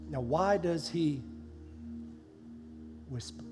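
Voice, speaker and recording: A male pastor preaching a sermon, swinging between loud passionate preaching and soft near-whispers. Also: a little high, animated, extremely slow. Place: church sanctuary. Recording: live hall with long reverb and music underneath.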